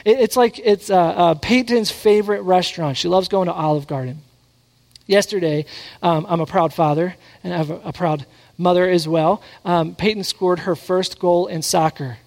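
A man's voice: sits high, normal speed, gravelly. A man preaching a sermon, mixing scripture with family stories and acting out the voices of the people in them. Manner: animated, acts out quotes. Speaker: pastor. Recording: long hall reverb.

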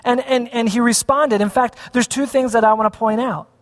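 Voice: medium pitch, steady tone, normal speed, long reverb tail. A pastor giving a conversational sermon, often asking the congregation questions.

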